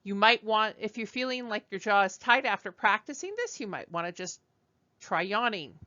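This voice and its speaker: A woman teaching a French class, slow and patient, modeling sounds for students to repeat. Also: medium pitch, expressive, bright, forceful tone, dry recording, muffled recording. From United States. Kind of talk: classroom lesson.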